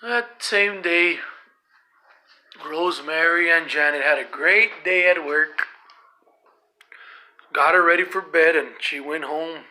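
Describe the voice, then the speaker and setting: A male storyteller with a sharp, bright voice, telling a spooky tale at a very slow, deliberate pace. He lets his voice drop low and rise loud for drama, and his pitch sits a touch high. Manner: slow, dramatic, shifting loudness.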